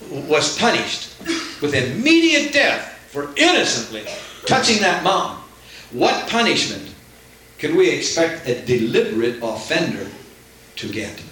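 A man's voice: on the high side, bright, forceful tone, heavy reverb, a little hiss or hum, low-quality recording. A man preaching a sermon with fervent, rising emphasis.

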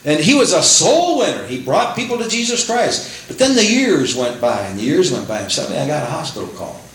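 An older man preaching a sermon in a church, animated, rising to exclaim praises, with frequent restarts. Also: on the high side, fairly quick. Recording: echoey room with faint hum.

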